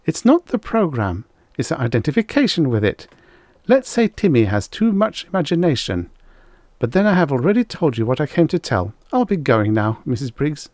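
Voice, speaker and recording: A man's voice: fairly high pitch, very animated, moderate pace, darkish tone, no room sound, clean studio sound, voice pushed up. A man putting on an icy prim schoolteacher lady. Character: prim severe middle-aged female schoolteacher.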